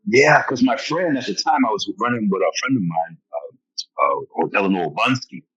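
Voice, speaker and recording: A man's voice: lowish voice, expressive, moderate pace, a bit bright, breathy edge. A man telling stories as a podcast interview guest, acting out other people's lines and chuckling often. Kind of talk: animated storytelling in a podcast interview. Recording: dull lo-fi podcast audio.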